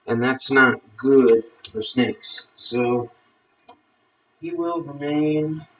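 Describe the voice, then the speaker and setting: A man's voice: medium pitch, dry recording, distant mic. A man chatting casually on a live stream, amused, talking to his pet snake as he handles it.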